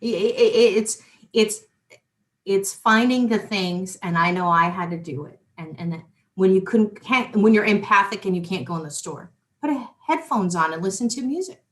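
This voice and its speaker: A middle-aged woman hosts a casual spiritual talk show at a middle pitch. She rambles with animation, restarts her sentences and calls out to her audience as she goes. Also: moderate pace. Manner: chatty and animated, with lots of restarts and asides to the audience. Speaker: host.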